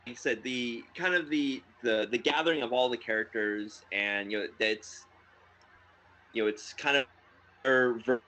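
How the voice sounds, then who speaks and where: A man chatting casually on a podcast, rambling through his thoughts with lots of fillers and laughs. His voice has a bright, forward tone. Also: mid-range voice, normal speed. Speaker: podcast co-host. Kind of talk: casual chat.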